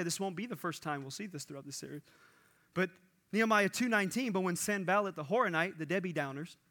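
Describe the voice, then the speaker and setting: A man preaching a sermon in an animated way, acting out the lines he quotes. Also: high voice. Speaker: pastor.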